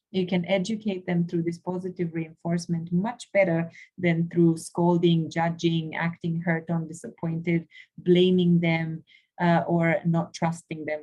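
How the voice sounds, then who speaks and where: A woman's voice: on the low side, a little mellow, rough recording. A woman presenting a parenting webinar to parents, explaining earnestly with frequent fillers and restarts.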